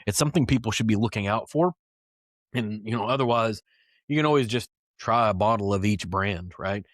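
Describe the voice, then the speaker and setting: A man's voice: lowish voice, brisk, no room sound, clean studio sound. A man hosting a casual whiskey podcast, talking loosely with plenty of fillers and asides. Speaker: podcast host.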